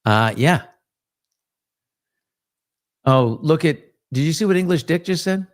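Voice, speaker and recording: A middle-aged male host riffs through a casual live morning show in a fairly high voice. He sounds blunt, sarcastic and sure of his opinions, and now and then he slips into mimicking someone else. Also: animated, a little slow, pauses often. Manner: mimics other voices in quotes.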